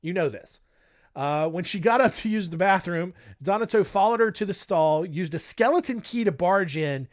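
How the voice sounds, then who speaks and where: A young man hosting a casual true-crime podcast, narrating with joking, irreverent asides. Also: high-pitched. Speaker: podcast host.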